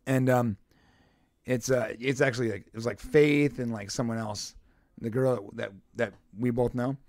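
A man's voice: medium pitch, fairly even intonation, normal speed, darkish tone, dry recording. A man co-hosting a podcast, joking around in casual banter and laughing often. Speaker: podcast co-host.

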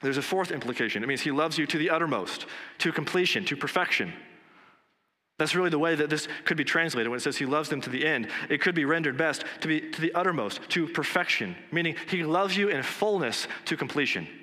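Man, pastor, earnest emphatic sermon, bright forceful voice, church with long reverb. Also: on the high side, lively intonation, a little fast. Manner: earnest preaching, repetitive emphatic phrasing. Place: church sanctuary.

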